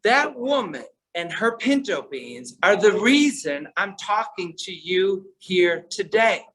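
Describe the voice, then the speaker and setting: A man with a high, bright voice delivers a storytelling conference speech. His tone is earnest and shifts between soft, quiet passages and emphatic ones. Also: sing-song, takes it slowly, rough recording. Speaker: keynote speaker.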